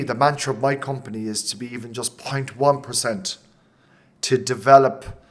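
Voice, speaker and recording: Irish guy founder being interviewed, super passionate, talks in quick bursts, keeps restarting. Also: mid-range voice. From Ireland. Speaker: company founder, guest. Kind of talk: interview conversation.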